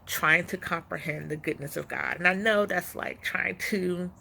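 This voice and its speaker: A woman in her forties, a stay-at-home mom vlogging from her front porch, speaking softly and emotionally with many pauses. Her speech is slightly muffled by something she is wearing in her mouth. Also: on the low side, creaky, a little hiss or hum. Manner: soft, emotional, halting, with many pauses and fillers. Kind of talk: heartfelt personal vlog talk.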